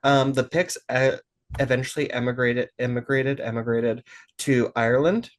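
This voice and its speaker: A man's voice: mid-range voice, fairly even intonation, moderate pace. A man hosting a podcast, chatting casually and reading out a dramatic intro, a bit tipsy and tripping over words now and then. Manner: chatty, laughs easily, stumbles over words. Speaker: podcast host. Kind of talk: casual chat and read-out episode intro.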